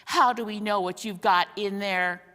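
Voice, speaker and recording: A woman's voice: mid-range voice, normal speed, bright, forceful tone, close to an everyday voice. A woman voicing a cynical male dwarf with a sneering, scoffing manner, in a storybook reading. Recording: long hall reverb.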